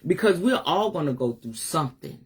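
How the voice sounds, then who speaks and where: Animated and a little fast, a woman speaks in a low-pitched, husky voice during an emotional, casual livestream monologue. As a spiritual life coach, she is unscripted and heartfelt, sometimes weary, sometimes laughing, and she swears freely.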